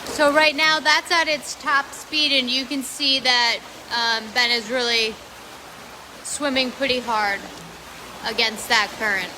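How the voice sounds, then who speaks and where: A woman's voice: high-pitched, fairly even intonation, measured pace, big-room sound, background noise. A woman co-hosting a casual demo, upbeat and explanatory. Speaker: co-host. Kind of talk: casual live demo chat.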